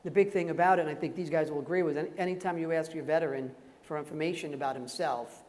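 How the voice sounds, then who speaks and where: A man on a conference panel telling a personal story in a halting, laughing way. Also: a little high, steady tone, darkish tone. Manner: halting, with restarts and frequent laughter. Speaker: actor on a veterans' conference panel. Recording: echoey hall with faint noise.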